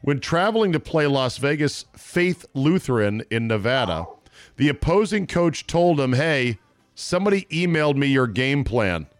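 A man hosts a sports talk show with a brash, joking delivery and quick asides. His voice sits in an ordinary middle register. The mic is close and dry, with no room sound. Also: medium pitch, very animated, no room sound. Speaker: podcast host.

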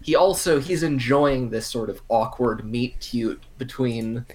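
A man's voice: medium pitch, a little slow, a little mellow. Brief: male player, casual, matter-of-fact. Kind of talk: casual tabletop play.

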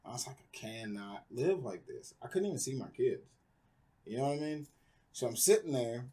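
A man's voice: medium pitch, lively intonation, normal speed, dark tone, breathy edge. A man candidly telling his personal story in a conversation, rambling with lots of fillers. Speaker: guest.

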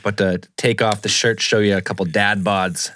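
A man's voice: on the low side, steady tone, moderate pace, noisy background. A man hosting a live call-in podcast, bantering playfully with his co-host and callers.

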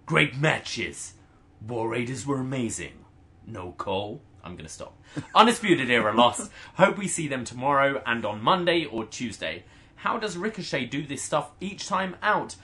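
Bright-voiced man trading jokes. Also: medium pitch, very animated. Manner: quick joking interjections. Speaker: podcast co-host. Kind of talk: casual chat.

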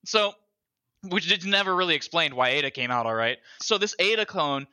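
A man on an online podcast call, talking casually about a video game, excitable and swearing, often building up into shouting. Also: a little high, fairly quick, clear, resonant tone. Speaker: podcast co-host.

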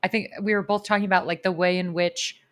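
A woman co-hosting a podcast in casual chat, telling stories with animated energy and bursts of laughter. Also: fairly low pitch, quick pace. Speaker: podcast co-host.

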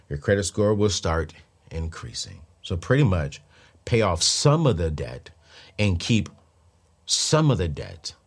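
A man's voice: low-pitched, husky. A man hosting a podcast, talking casually and with emphatic, preachy bursts to his listeners. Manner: animated, preachy, rising to loud emphatic bursts. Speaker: podcast host.

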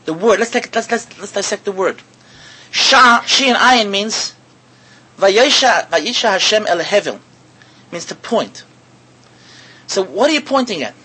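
Animated, husky-voiced male preacher. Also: high voice, a little slow, long pauses, low-quality recording. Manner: animated, full of rhetorical questions, repeats words; mixes in Hebrew and Yiddish words. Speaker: rabbi giving a talk. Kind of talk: sermon to an audience.

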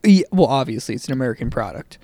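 A man co-hosting a comedy podcast, riffing a rambling, improvised pitch with many pauses. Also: lively intonation, mellow, no echo. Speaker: podcast co-host.

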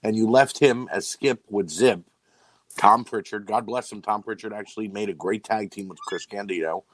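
Lower-voiced male co-host making his case. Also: moderate pace, no room sound, poor audio. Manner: argumentative, lays out points at length. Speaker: podcast co-host. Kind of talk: casual wrestling podcast chat.

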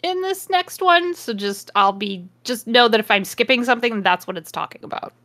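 A woman's voice: a little high, expressive, normal speed, bright, forceful tone. A woman co-hosting a comedy podcast, reading a story aloud and breaking off for sardonic asides.

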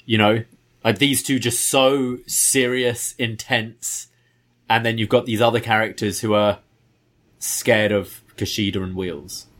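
A man's voice: fairly low pitch, steady tone, a little slow, fairly bright tone. A man co-hosting a podcast, sharing thoughtful opinions on wrestling in casual chat with frequent fillers. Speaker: podcast co-host.

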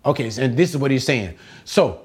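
Male Bible teacher, mid-pitched, emphatic, repeats key points. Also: animated, fairly quick, slightly rough. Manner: asks rhetorical questions and answers them. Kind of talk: verse-by-verse Bible study lesson.

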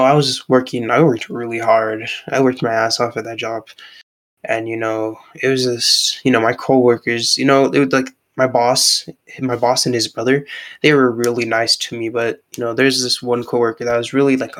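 A man's voice: medium pitch, a bit bright, rough recording. Young man rambling, full of filler words. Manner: rambling, filler-heavy storytelling, says bro a lot. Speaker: podcast co-host. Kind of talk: casual chat. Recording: laggy online call.

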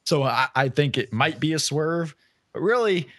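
A man's voice: a little high, animated, normal speed, a bit bright, no room sound. Man on a dry-sounding podcast mic. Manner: thinks aloud, hedging with "like". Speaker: podcast co-host. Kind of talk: casual podcast discussion.

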